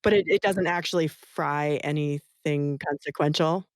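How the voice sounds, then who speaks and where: Low-voiced woman podcast host. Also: normal speed, no room sound, studio quality. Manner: attentive, encouraging listener. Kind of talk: interview chat.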